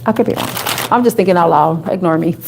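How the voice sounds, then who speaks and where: A woman from the Bronx with a New York accent, chatting and thinking out loud as she gives a live tarot reading to viewers. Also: lowish voice, fast, creaky, background noise. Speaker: tarot reader.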